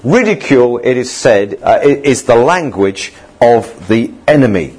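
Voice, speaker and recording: A man's voice: medium pitch, big pitch swings, measured pace, darkish tone, breathy edge. A man preaching a sermon in a conversational way, now and then acting out quoted voices.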